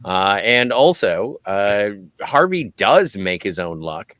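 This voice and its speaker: A man co-hosting a podcast, excitedly analyzing a character's motives in casual film talk. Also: lowish voice, slow pace, no room sound. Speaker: podcast co-host.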